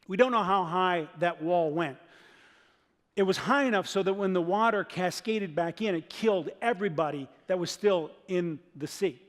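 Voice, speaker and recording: A male pastor preaching a sermon in a church, animated, acting out the voices of people in his story. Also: high-pitched. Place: church sanctuary. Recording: long reverb of a church hall.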